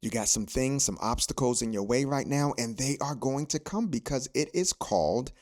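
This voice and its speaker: A man's voice: mid-range voice, animated, moderate pace, a little mellow. A man hosting a podcast, speaking in a preachy, motivational way and repeating phrases for emphasis. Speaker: podcast host.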